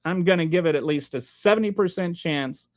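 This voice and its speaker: High-voiced male streamer, sarcastic, rambling political commentary. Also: brisk. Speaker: livestream host reading chat.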